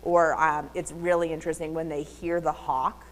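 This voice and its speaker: Lowish-voiced woman presenter, reverberant room. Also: moderate pace, a little hiss or hum. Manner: animated, chatty, slips into a high baby voice for the chickens. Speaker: library presenter. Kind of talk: community talk with slides. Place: public library meeting room.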